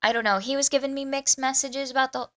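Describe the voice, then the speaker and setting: A young adult woman co-hosting a podcast, telling an animated story in casual chat with lots of "like". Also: high-pitched, fast. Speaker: podcast co-host.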